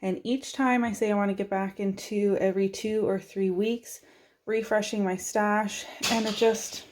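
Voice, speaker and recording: A woman's voice: medium pitch, fairly even intonation, moderate pace, noisy background. A young adult woman vlogging in a casual, chatty and self-deprecating way, laughing often as she goes through her makeup drawer. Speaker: beauty vlogger. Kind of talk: casual chat.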